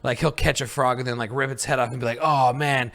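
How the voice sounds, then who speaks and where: A man's voice: mid-range voice, flat delivery, racing, vocal fry, fairly bright tone. A young man hosts his podcast alone and tells a loose, rambling story. His voice sits in a mid range. He swears freely and laughs through the funny parts. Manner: laid-back, profane, laughs through his stories. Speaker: podcast host. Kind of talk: casual storytelling monologue.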